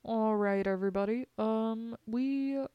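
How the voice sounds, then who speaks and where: A woman putting on the voice of a male airline pilot making a relaxed cabin announcement, in her own smooth voice. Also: on the high side, measured pace, no echo, dull audio, natural voice. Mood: laid-back. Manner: casual, easygoing announcement tone.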